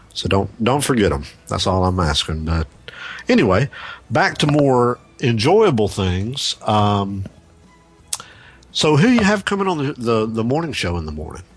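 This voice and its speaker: Man, radio show host, low voice, relaxed rambling chat. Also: breathy edge. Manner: relaxed, rambling with many repeated words.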